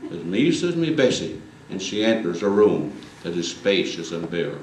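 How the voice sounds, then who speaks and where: A man performs a comic recitation, his pitch rising and falling lively as he tells it. He stands far from the mic in an echoey concert hall with a faint murmur of room sound. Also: normal speed, slight background noise. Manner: lively storytelling.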